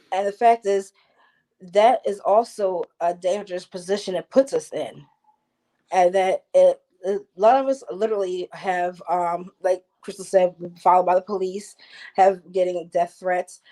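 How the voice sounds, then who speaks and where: A woman's voice: mid-range voice, dark tone. A woman from New Jersey, an activist guest speaking with passion and frequent restarts in a panel discussion over a video call.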